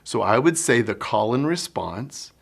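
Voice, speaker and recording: Animated man, lively storyteller. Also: mid-range voice, measured pace, vocal fry. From Oklahoma, US. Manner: animated storyteller, acts out children and teacher; folksy sayings. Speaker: children's minister. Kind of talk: conference workshop talk.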